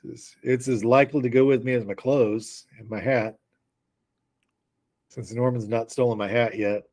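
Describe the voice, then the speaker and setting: A man's voice: medium pitch, steady tone, moderate pace, darkish tone. An easygoing, joking man playing a character in a tabletop game. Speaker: player. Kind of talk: tabletop role-play chat.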